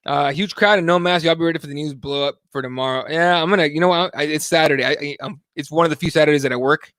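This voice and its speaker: A man hosting a live online talk show rambles through a casual, swearing-laden rant. His voice sits a little high for a man, and the sound is dry and close, with no room in it. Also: steady tone, quick pace, a bit bright, dry recording. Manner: profane, rambling, heated. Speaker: host.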